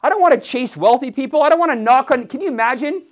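A man in his forties from Milwaukee, USA, with a rather high voice, gives a motivational sales training talk. Fast and expressive, he's fired up and punchy, firing "yes or yes?" back at his team.

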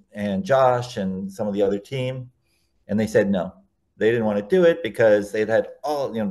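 A man's voice: lowish voice, mellow. A man, a guest on an interview show, telling long anecdotes casually, often restarting and correcting himself mid-sentence. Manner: rambling, self-correcting anecdotes.

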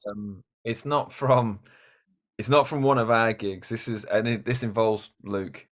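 A man, a musician guest in a casual chat, telling stories in an animated way. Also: on the low side, unhurried. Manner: animated storyteller.

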